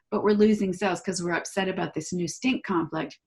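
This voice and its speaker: A woman guest in an interview, explaining her views in a lively way and acting out the voices people use in their heads. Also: fairly low pitch, brisk, hardly any pauses. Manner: animated, acts out inner voices while explaining. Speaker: guest, holistic practitioner.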